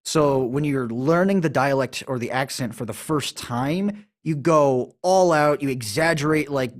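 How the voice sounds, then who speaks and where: A man's voice: mid-range voice, unhurried. A man co-hosting a podcast, chatting casually and explaining how to do stage accents with a joking, teacherly manner. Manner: explains acting technique, jokey. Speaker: podcast co-host. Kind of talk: casual chat.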